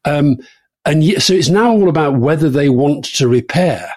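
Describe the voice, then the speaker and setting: A middle-aged man co-hosting a political podcast, telling anecdotes in a lively, casual way. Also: fairly high pitch, normal speed, dry recording. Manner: anecdotal, lively storytelling with laughs. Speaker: podcast co-host.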